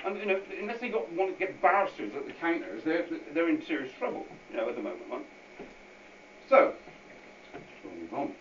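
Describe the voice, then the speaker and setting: A man with a fairly high voice gives an unscripted talk to a meeting audience, rambling from point to point and repeating himself. He is picked up from across an echoey hall. The sound is dull and carries a faint hiss. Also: sing-song, brisk, pauses often, far from the mic. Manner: rambling and repetitive, with many asides. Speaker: guest speaker at a public meeting.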